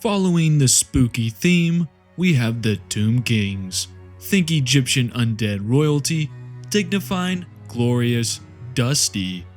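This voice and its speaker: A man's voice: medium pitch, lively intonation, slow pace. A man narrating a lore explainer in a comedic, scripted way, full of sarcastic jokey asides. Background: faint background music.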